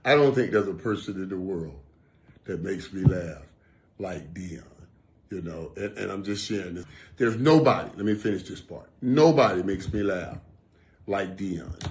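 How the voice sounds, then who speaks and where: A man's voice: lowish voice, a little mellow. A former football player talking casually and from the heart. He often repeats phrases to stress them. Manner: emphatic, repeats phrases for weight.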